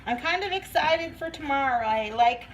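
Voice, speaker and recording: A woman's voice: high voice, expressive, moderate pace, slight background noise, poor audio. A woman vlogging as she bakes in her home kitchen, chatting in a rambling way and laughing often. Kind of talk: casual chat while baking.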